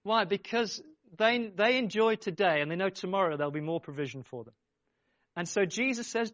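A man's voice: high-pitched, lively intonation, brisk, a bit bright, no echo, muffled recording. A man preaching a sermon, speaking emphatically, repeating his phrases and urging the congregation on. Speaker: pastor.

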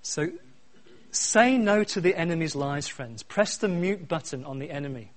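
A middle-aged man preaching a sermon, swinging from quiet asides to loud, repeated refrains. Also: fairly high pitch, expressive, normal speed. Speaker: pastor.

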